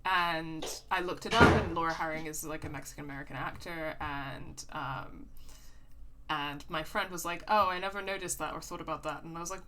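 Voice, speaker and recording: A woman co-hosting a game stream, chatting casually and circling back with fillers. Her voice sits on the lower side. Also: fairly even intonation, moderate pace, bright, forceful tone. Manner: chatty, many fillers and restarts, laughs often. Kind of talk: casual chat.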